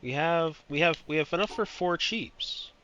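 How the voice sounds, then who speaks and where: A man's voice: a little high, normal speed, pushed and bright, muffled recording, faint music behind. Frustrated man streaming a puzzle game. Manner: frustrated, mimics bird chirps, swears. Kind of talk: live puzzle-game commentary.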